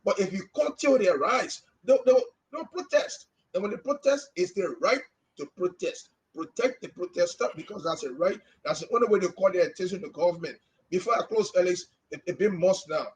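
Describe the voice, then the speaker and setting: Speaking a little fast in a high voice, a Liberian former journalist co-hosting a podcast presses an impassioned opinion. He is emphatic and repeats words to drive his points home. The recording is rough.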